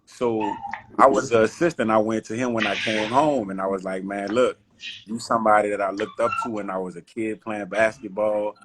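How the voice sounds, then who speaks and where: A man's voice: lowish voice, normal speed, background noise. A man, a basketball coach talking casually about his life on a video call. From New Orleans. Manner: relaxed, slangy, heartfelt storytelling. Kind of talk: casual interview chat.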